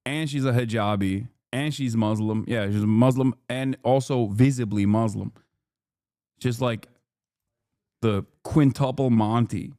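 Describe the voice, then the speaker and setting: A man's voice: medium pitch, unhurried, dark tone, dry recording. A man in the middle of his range rants through a live stream reaction, swearing freely and firing indignant questions at his audience. His voice sits close and dry, with no room sound around it. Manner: heated, profane ranting. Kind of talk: casual live-stream commentary.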